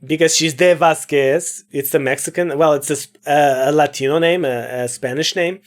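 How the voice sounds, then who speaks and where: A woman who plays through a game and comments casually, chatty and quick to swear. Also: low voice. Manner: chatty, swears, laughs at herself. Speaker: let's player.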